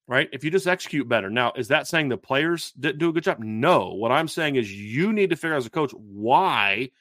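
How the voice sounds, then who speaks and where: Here a male podcast host runs through football questions in sports talk show style, his mid-range voice expressive, fairly quick and fairly bright. He hammers points home, repeats himself and restarts. There is no room sound, just a clean studio recording.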